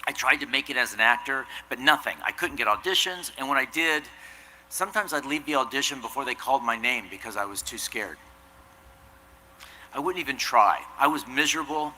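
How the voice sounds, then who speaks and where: A man's voice: mid-range voice, pushed and bright, a little hiss or hum, low-quality recording. A man giving a commencement address, telling an earnest, self-deprecating story. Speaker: commencement speaker. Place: outdoor commencement ceremony.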